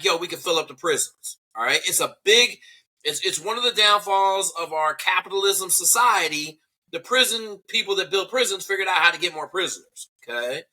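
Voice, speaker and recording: A man's voice: sits high, bright, forceful tone. A man in his forties, a former special operations veteran, telling blunt, profane stories in a casual panel talk. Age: 40s.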